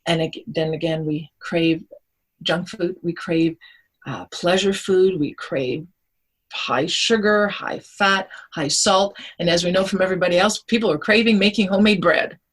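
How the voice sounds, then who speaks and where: A woman, a holistic nutritionist, explaining things in an animated way on a radio interview. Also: on the low side, moderate pace, husky, rough recording. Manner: animated, explanatory, acts out quotes.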